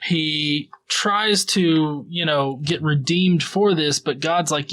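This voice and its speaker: A man's voice: a little high, slow, a bit bright. A man hosting a podcast, recapping the Bible in a casual, profane and sarcastic way, rambling with fillers. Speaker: podcast host.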